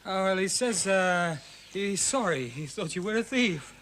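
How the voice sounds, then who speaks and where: A smug young Italian gangster with a strong Italian accent and a high voice that jumps up and down. He mocks and laughs at others. The 1970s TV soundtrack has clear noise behind him. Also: expressive, measured pace, fairly bright tone. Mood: mocking. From Milan, Italy. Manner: mocking, smug, breaks into sly laughs. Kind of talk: 1970s TV crime drama acting.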